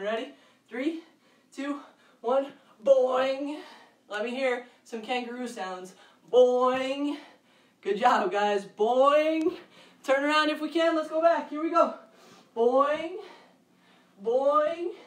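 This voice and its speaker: A woman with a fairly high voice leads children through an exercise session, encouraging them and calling out counts, with loud bursts now and then. She stands back from the microphone in a roomy space at home, so her voice echoes. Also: recorded from a distance. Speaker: fitness coach for kids. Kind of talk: leading a live kids' workout. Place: room at home. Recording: echoey room, voice off-mic.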